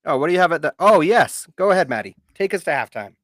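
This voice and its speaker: A man's voice: on the high side, animated, rapid-fire, fairly bright tone, dry recording. Earnest male podcast co-host, dry sound. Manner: earnest, heartfelt, repeats words for emphasis. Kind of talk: casual live podcast talk.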